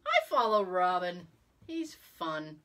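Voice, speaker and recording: A middle-aged woman hosting a podcast, telling stories in an animated, casual way with frequent laughs. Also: fairly low pitch, slow pace. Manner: animated storyteller, exclaims and laughs often. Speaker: podcast host. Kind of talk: casual chat.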